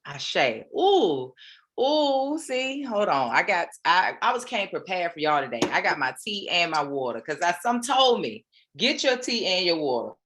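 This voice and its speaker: A woman's voice: fairly low pitch, big pitch swings, measured pace, fairly bright tone. A woman hosting a weekly motivation session, talking in a preachy, playful way full of casual slang. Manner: preachy, playful, uses Black American slang. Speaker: motivational host. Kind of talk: motivational talk. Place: home, online session.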